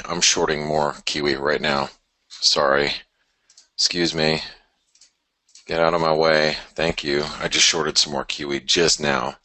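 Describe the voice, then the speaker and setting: Very deep-voiced man hosting a trading webinar. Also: pushed and bright, no room sound. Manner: chatty, blunt, mutters to himself while working. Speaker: forex webinar host. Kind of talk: casual live market commentary.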